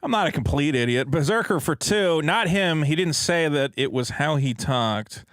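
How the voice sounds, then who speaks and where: Animated man reading out viewer messages. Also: on the high side, moderate pace, no echo, clean studio sound. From Massachusetts. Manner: chatty, laughs easily, wry. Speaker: podcast co-host.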